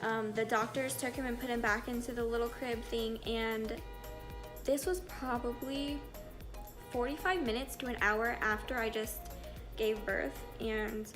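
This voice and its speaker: Over music, a woman in her twenties speaks to the camera as a vlogger and mother, sharing her birth story in an open, chatty, meandering way. Her fairly high voice holds a steady tone at a measured pace.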